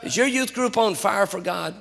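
High, gravelly man preaching in a hall. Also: normal speed. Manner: animated storytelling preacher, rising to shouts. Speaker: pastor. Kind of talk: sermon.

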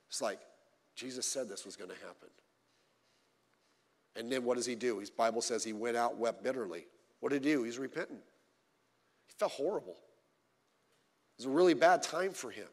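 A male pastor preaching a sermon, swinging between loud emphatic lines and low quiet asides, telling stories with humor. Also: big-room sound. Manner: informal storytelling with humor. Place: church.

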